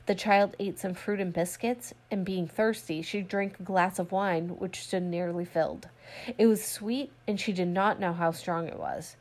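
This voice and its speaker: A woman narrating a classic story aloud in a steady storytelling read, voicing quoted lines lightly. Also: medium pitch. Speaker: audiobook reader. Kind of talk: scripted narration.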